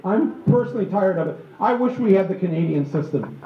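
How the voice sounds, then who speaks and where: Man from Michigan, comic stage talk, high lively voice, echoey hall, slightly dull sound. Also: brisk, a crowd in the background. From Michigan, USA. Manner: animated, joking, acts out voices and asides. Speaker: speaker at a book tour event. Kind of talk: comic political talk to a live audience. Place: auditorium with an audience.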